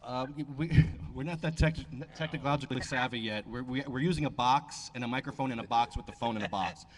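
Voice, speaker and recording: A man hosting a casual podcast, chatting excitably and scolding his co-hosts in playful banter. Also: fast, slight background noise. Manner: excitable, scolding banter with big pitch swings. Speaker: podcast host. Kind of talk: casual chat.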